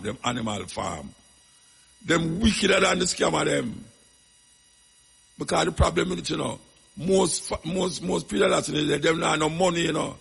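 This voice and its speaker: A Jamaican man speaks on a radio talk show in a gravelly, husky voice. He rambles through stories in patois, leaning on emphatic asides, and a long reverb trails his words. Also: a little high, a bit bright.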